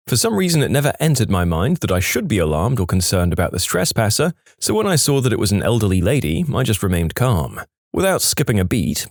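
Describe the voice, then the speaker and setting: A man narrating online stories in a wry, animated, scripted way. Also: lowish voice, no echo, studio quality. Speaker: story narrator.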